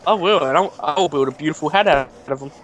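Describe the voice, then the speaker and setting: A young man co-hosting a let's play, chatting in an excitable way and laughing often, over a headset or desk mic. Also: fairly high pitch, quick pace, slight background noise. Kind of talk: casual gaming chat.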